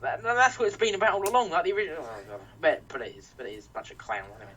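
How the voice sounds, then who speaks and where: A man's voice: on the high side, expressive, very fast, a bit bright. A young man from England ranting on a podcast, heated and sweary, full of restarts. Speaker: podcast host. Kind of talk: casual podcast rant. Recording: distant mic with faint noise.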